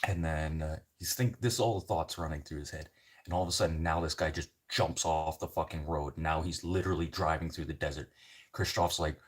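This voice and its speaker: Rumbling low and steady in tone, a Canadian livestreamer moves at a moderate pace as he chats casually with his viewers. He's a rambling storyteller who swears a lot.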